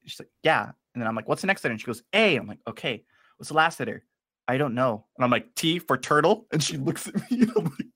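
A man's voice: mid-range voice, sharp tone, dry recording. A young man co-hosting a podcast, telling a story in casual chat and acting out both sides of the dialogue. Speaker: podcast co-host.

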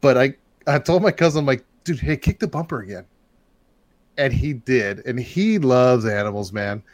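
A man in casual chat, spinning a long rambling story that swells into loud excitement at its peaks. His voice sits at an everyday middle pitch, and the recording is dry and close, with no room sound. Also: moderate pace, no room sound. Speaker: podcast host telling a story.

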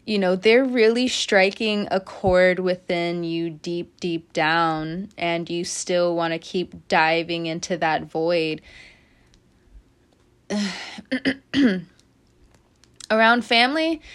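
Animated swearing woman tarot reader. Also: fairly low pitch, clean tone. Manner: animated, swearing, laughs at herself. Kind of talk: casual tarot reading to camera.

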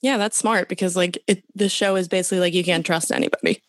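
A woman co-hosting a podcast, retelling TV episodes in animated, profane casual chat. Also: on the low side, quick pace, no echo. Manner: animated and profane, with frequent fillers. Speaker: podcast co-host. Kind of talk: casual chat recapping a TV show.

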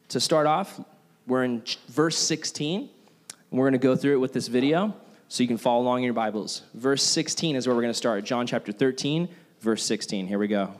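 A young man giving a casual, jokey sermon to a youth group, telling self-deprecating stories. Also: mid-range voice. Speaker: youth pastor.

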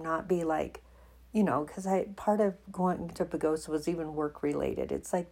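A woman hosts her podcast, telling a personal faith story with plenty of emotion and frequent laughter. Her voice sits on the low side and sounds warm and a little husky. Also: steady tone, normal speed. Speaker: podcast host.

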